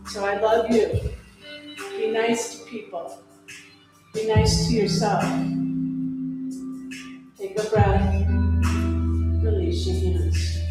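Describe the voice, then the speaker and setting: A woman guides a yoga class in slow, gentle, encouraging cues, pausing for breaths. Her voice sits a little high. The sound is very echoey, with music playing underneath. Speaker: yoga instructor.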